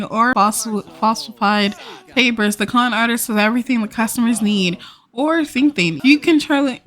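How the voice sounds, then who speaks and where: A woman's voice: fairly high pitch, fairly bright tone. A young woman hosting a casual let's play, chatting and inventing stories for her characters as she plays, recorded on a desktop microphone. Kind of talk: casual gameplay narration. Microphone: desktop USB mic.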